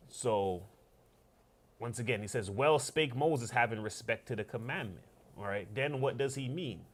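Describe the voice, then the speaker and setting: A man leading a casual Bible study, explaining the text in a lively, conversational way and often checking in with his listeners. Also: on the low side. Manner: animated, conversational, asks "all right?" often. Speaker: church teacher.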